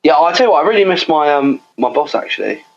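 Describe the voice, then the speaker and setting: A man's voice: a little high, big pitch swings, fast talker, creaky, muffled recording. A young man, co-hosting a podcast in casual chat, rambling and laughing with lots of fillers. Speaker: podcast co-host.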